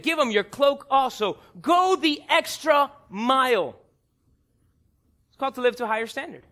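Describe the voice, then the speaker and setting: A pastor in his thirties preaching a sermon, animated and acting out voices in his stories. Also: very high voice.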